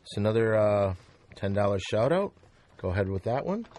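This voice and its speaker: A man hosting a comedy podcast, briskly steering the talk and reading plugs and shout-outs. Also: lowish voice, big pitch swings. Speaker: podcast host.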